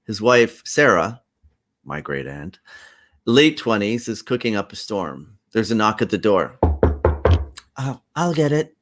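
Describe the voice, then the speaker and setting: Man, playwright, one-man live reading, slow delivery, animated. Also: on the low side, faint music behind. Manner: slow, animated, laughing at his own lines. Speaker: playwright reading his own play. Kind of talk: one-man play reading, narrating and voicing roles.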